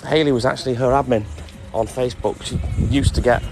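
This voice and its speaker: A man's voice: mid-range voice, fairly even intonation, fairly quick. A man chatting casually on a live stream, greeting viewers by name. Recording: music playing in the background. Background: music.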